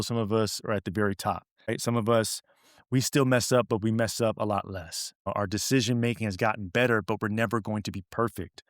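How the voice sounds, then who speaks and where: A man's voice: medium pitch, dry recording, clean studio sound. A middle-aged man hosting a podcast, speaking earnestly and directly about grief, repeating phrases for emphasis. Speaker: podcast host. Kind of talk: reflective motivational talk.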